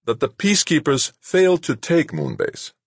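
An imperious, hot-tempered chairman in an audiobook, put on by a man reading aloud. He snaps his demands in a raised, husky voice. The sound is dry and close. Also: fairly high pitch, huge pitch swings, normal speed, dry recording, voice pushed up, exaggerated voice. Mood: tense. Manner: demanding, harsh, snapping. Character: imperious middle-aged male corporate chairman, hot-tempered.

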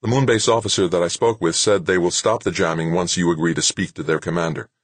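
A man's voice: sits low, fairly even intonation, fast, dry recording. A man voicing a dutiful young male runner who reports formally to his officer. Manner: respectful, formal.

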